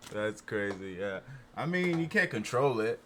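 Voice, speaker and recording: A man's voice: on the low side, big pitch swings, measured pace, bright, forceful tone, slight background noise. A man chatting casually, rambling and swearing as he works things out aloud. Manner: rambling, profane, thinks aloud. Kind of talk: casual chat.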